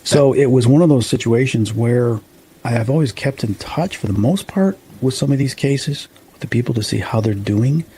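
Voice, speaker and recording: A man in his fifties from the Chicago suburbs, a paranormal investigator telling a story in a rambling, halting way with restarts. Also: mid-range voice, warm tone, slightly rough, low-quality recording. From Chicago suburbs, USA. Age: 50s. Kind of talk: casual storytelling interview.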